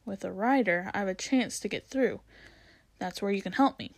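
A woman voicing a proud, bossy male talking war horse in a storybook read-aloud, brisk and commanding. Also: mid-range voice, gravelly, no echo. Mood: urgent.

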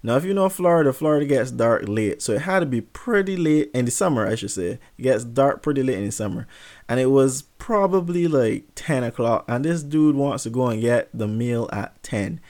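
A young man tells a funny story in a casual, animated way. His voice sits at a middle pitch. He is self-mocking and profane, recorded on a close mic. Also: moderate pace.

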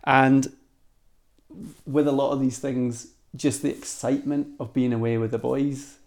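A Scottish man, a podcast guest, telling a story in a lively style, with many restarts. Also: mid-range voice, unhurried. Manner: animated storyteller, restarts and laughs. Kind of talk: anecdotal storytelling.

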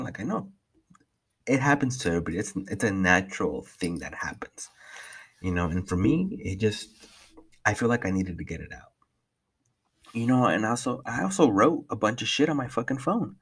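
A man's voice: fairly low pitch, lively intonation, moderate pace, long pauses, fairly bright tone, husky. A young man casually talking through a solo podcast update, rambling with heavy swearing and many restarts. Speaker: podcast host.

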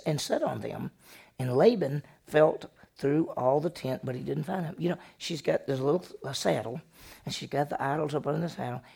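A male pastor, preaching a sermon and retelling a story with animated delivery, acting out the characters' lines. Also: medium pitch, gravelly, slightly rough.

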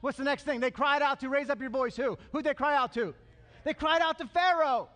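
Man, pastor, lively sermon, very high voice, long hall reverb. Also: fairly quick. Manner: animated, calls for congregation response.

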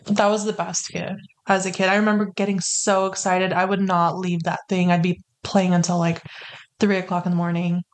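A woman's voice: fairly low pitch, completely flat delivery. A woman in her thirties, a guest on a podcast, answering in a hesitant, reluctant way in casual chat. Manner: hesitant, reluctant, halting with fillers.

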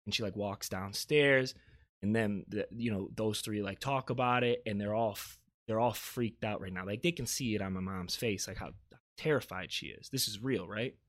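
A man from South Carolina hosting a podcast and telling a spooky story in casual chat, animated, swinging between loud and hushed. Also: lowish voice, moderate pace. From Beaufort, South Carolina. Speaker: podcast host.

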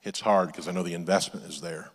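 A male pastor with a low voice, preaching in a loose, conversational way and drifting into asides. His voice rings out into a large church sanctuary with a long reverb tail. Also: steady tone, fast, breathy edge. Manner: conversational, with off-script asides and restarts. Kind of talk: sermon.

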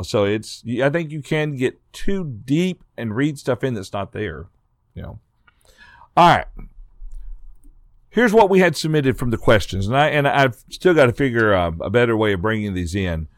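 A man's voice: medium pitch, no room sound, studio quality. A man hosting a casual Bible study discussion, talking in a conversational way and reading out listener questions. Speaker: host.

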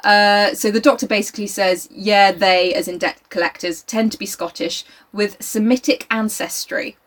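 A woman's voice: medium pitch, steady tone, moderate pace. A woman casually chatting as a co-host, recapping a novel, laughing often and swearing. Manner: laughs often, swears, reads passages aloud. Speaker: podcast co-host.

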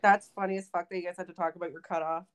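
A young woman co-hosting a podcast while she has a cold, trading blunt, swear-filled jokes and mock rants. Her voice sits fairly low and stays smooth and clear despite the cough. She sounds casual and unfiltered. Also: level tone, rapid-fire. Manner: blunt, swears freely, playful mock ranting. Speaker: podcast co-host. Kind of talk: casual chat.

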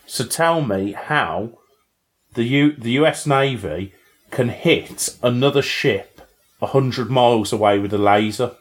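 A man's voice: medium pitch, a little slow. A young man co-hosting a podcast, chatting casually and teasing, often ending with tag questions. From Britain. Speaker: podcast co-host. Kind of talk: casual banter.

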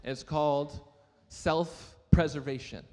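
Speaking at a measured pace, a young adult man with a slightly high, dark, steady voice preaches in a church sanctuary where the sound is big and roomy. The pastor tells a personal story with conversational self-deprecation and asks the audience questions.

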